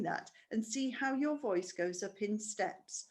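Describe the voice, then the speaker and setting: A woman's voice: mid-range voice, animated, takes it slowly, few pauses, a little mellow. A woman teaching a primary school music lesson online, patient and explaining step by step with questions.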